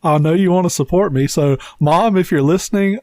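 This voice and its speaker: A man's voice: high-pitched, a little fast, a little mellow, no echo. A man in his thirties co-hosting a podcast, a rambling, profane storyteller with a slightly nasal voice and a faint southern twang. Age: 30s. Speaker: podcast co-host. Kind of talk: casual chat.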